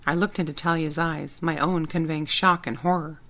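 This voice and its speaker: Woman narrating an audiobook, low voice. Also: moderate pace, few pauses. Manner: plain, steady storytelling. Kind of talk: first-person audiobook narration.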